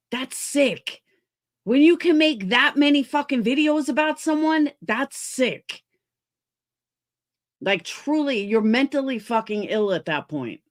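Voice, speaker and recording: A woman's voice: mid-range voice, a bit bright. A woman streamer ranting heatedly about other creators, swearing often and sounding exasperated. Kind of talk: livestream commentary rant.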